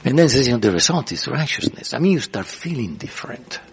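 A man's voice: mid-range voice, big pitch swings, fast, gravelly, a little hiss or hum. A man pastor teaching a sermon in an earnest, repetitive way, often restarting phrases.

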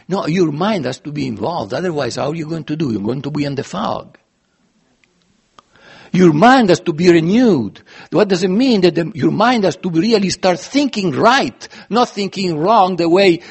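A man's voice: on the high side, husky. A man preaching a sermon in an earnest, emphatic way, his voice swelling and dropping as he stresses points. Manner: earnest, emphatic, with sudden rises and drops in loudness.

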